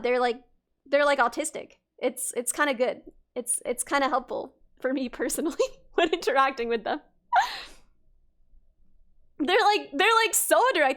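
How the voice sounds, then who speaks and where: A woman's voice: high-pitched, a bit bright. A young woman livestreaming, chatting casually with her viewers in a rambling way, with lots of restarts and fillers and frequent laughs. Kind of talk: casual chat with stream viewers.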